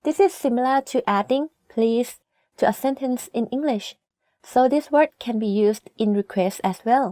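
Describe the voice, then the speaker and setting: A woman whose first language is Thai teaches a scripted video lesson, with clear, deliberate delivery that slows down for example words. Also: fairly high pitch, dark tone, dry recording, studio quality.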